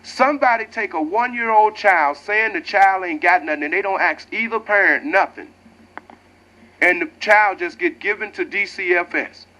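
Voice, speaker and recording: A man's voice: sits high, normal speed, sharp tone, low-quality recording. A man hosting community radio, delivering an angry, profane monologue and preaching to his listeners.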